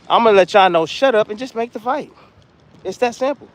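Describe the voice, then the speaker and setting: A man's voice: sits high, brisk. A man, a former boxer, giving blunt opinions in a casual monologue, repeating himself and trash-talking.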